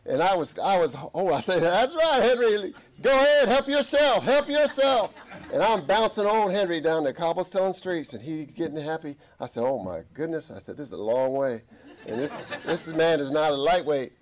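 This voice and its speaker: A middle-aged man preaching a sermon as an army chaplain, telling stories and acting out voices in the quotes. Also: a little fast. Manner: animated, acts out quotes with big pitch jumps. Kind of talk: sermon with storytelling. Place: church.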